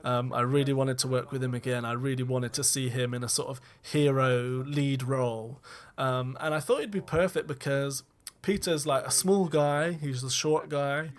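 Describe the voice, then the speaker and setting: Guy chatting through a film commentary, lots of ums, mid-pitched voice. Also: steady tone, moderate pace. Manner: rambling, with frequent ums and self-corrections. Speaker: film director giving commentary. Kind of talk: casual audio commentary.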